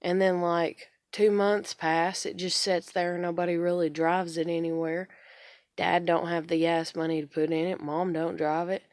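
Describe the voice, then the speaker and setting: Thirty-something woman, gravelly, lowish voice, rambling and frustrated, cursing a lot, dry close sound. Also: little pitch movement, moderate pace, a little mellow, no echo. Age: 30s. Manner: frustrated, swears often, rambling. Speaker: vlogger. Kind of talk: casual venting monologue.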